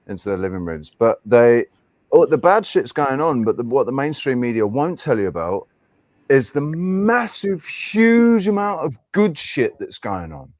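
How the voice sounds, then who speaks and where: A man hosts a live online talk show, his pitch bouncing widely up and down as he rambles and swears casually. He speaks over a video call, and the sound is close and dry with no room around it. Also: darkish tone, dry recording. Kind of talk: casual chat.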